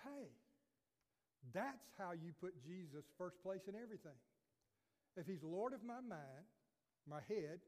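A man's voice: on the high side, darkish tone. A man pastor preaching a sermon earnestly, quoting scripture and asking rhetorical questions. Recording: long reverb of a church hall.

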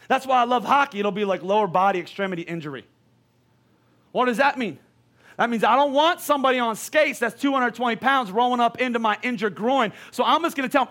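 A male pastor preaching a sermon in a lively, conversational way, full of questions to the congregation. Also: extremely high pitch, a little fast.

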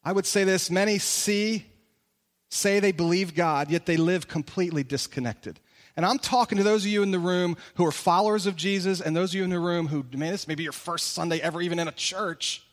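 High-voiced pastor in a reverberant church. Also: male voice, a little fast. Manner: conversational and emphatic, full of direct rhetorical questions. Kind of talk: sermon. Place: large church hall. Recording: long reverb of a large church hall.

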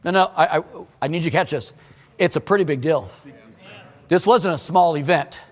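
A male pastor preaching a sermon in a church, emphatic, swinging between loud exclamations and hushed asides. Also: a little high, moderate pace, in a large hall. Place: church sanctuary.

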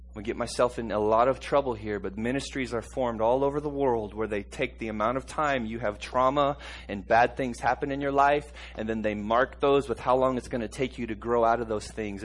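A man preaching a sermon, swinging between hushed, slow passages and loud, high-pitched outbursts, with frequent chuckles and calls for the congregation to repeat after him.

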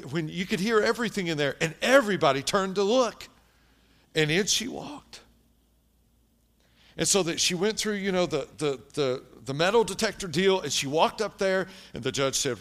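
A male pastor tells a story from the pulpit in a fairly high, very expressive voice. He swings between hushed, low passages and bright, loud punchlines. His delivery is that of a practiced storyteller in a sermon. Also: moderate pace.

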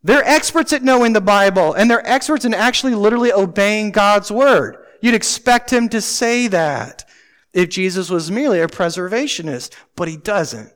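A man preaching a sermon as pastor, emphatic and full of rhetorical questions, swinging from loud declarations to hushed asides. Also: sits high, expressive, moderate pace. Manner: talks to the congregation with rhetorical questions.

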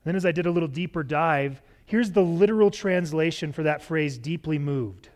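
Expressive male preacher, slightly high voice. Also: normal speed. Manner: expressive, varied pace, acts out quoted lines. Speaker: pastor. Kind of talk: sermon.

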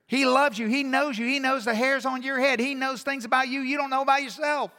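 A man preaching a sermon as pastor, swinging between hushed, intimate asides and loud, emphatic exhortation. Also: extremely high pitch, steady tone, fairly quick. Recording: long hall reverb.

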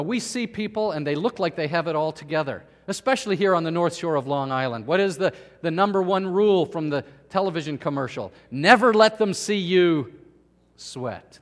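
A male pastor delivering a sermon with animated storytelling, speaking to the children and the congregation. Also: fairly high pitch, moderate pace, big-room sound.

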